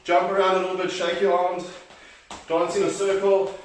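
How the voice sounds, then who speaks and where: His voice sits high and his delivery is flat as he counts reps and cheerfully encourages children through a workout at a moderate pace, now and then out of breath. The recording has slight background noise, heavy echo, and a distant sound.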